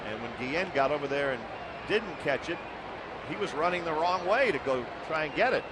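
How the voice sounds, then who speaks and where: A man's voice: on the high side, fairly quick, very noisy. A man doing baseball play-by-play commentary, his voice lifting on big plays. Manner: excited rises on big plays. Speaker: play-by-play announcer.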